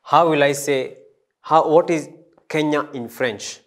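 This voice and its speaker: A man teaching a French language lesson, slow and hesitant, with many fillers and restarts. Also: a little high. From East Africa. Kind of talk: classroom lesson.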